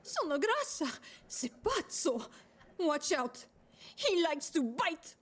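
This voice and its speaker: Ad spot: wailing Italian-accented pizza lady, high, swooping, slow. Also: very animated, a bit bright, exaggerated voice. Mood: melodramatic. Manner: melodramatic, wailing. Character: dramatic female Italian pizza, jealous.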